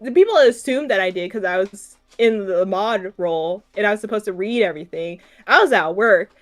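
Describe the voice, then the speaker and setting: A woman's voice: medium pitch, brisk, faint music behind. A woman co-hosting a podcast, telling a story in casual chat, often laughing, swearing and restarting her sentences. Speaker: podcast co-host.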